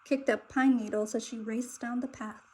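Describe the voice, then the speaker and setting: A woman narrating a children's picture book aloud with expressive, dramatic delivery. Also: a little high, moderate pace, breathy edge, poor audio. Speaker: storybook reader.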